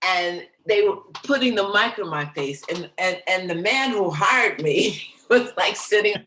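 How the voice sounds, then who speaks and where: A woman jazz singer being interviewed, telling her stories with lively, theatrical flair and acting out the quotes. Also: mid-range voice, unhurried, a little hiss or hum. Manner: animated, theatrical storyteller who acts out quotes. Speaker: guest, jazz vocalist. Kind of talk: casual storytelling interview. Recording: roomy echo.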